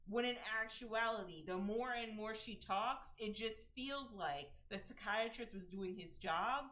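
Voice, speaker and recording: A woman's voice: medium pitch, measured pace, sharp tone. A young adult woman streaming, chatting casually through gossip and commentary, with slangy asides and bursts of laughter.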